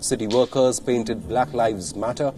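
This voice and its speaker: A man reading a scripted news report in a steady, measured newsreader delivery. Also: medium pitch, a little hiss or hum.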